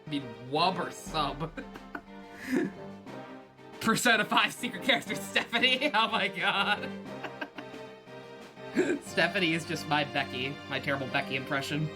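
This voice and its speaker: A woman's voice: low-pitched, a little slow, long pauses, over music. A woman streaming a video game, chatting casually, swearing, giggling and mocking her own character voices. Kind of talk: casual let's-play commentary.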